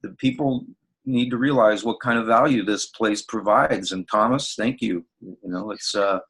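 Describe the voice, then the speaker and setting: A man's voice: fairly low pitch, moderate pace, a bit bright, breathy edge. A man who is a guest on a morning talk show, speaking in heartfelt casual chat with frequent restarts.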